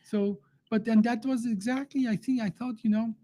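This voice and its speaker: A man hosting a relaxed live talk. He speaks haltingly, full of fillers, restarts and slightly non-native grammar. He jokes and laughs easily with his guest. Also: extremely high pitch. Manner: jokey, laughs often. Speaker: host. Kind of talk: casual live-stream conversation.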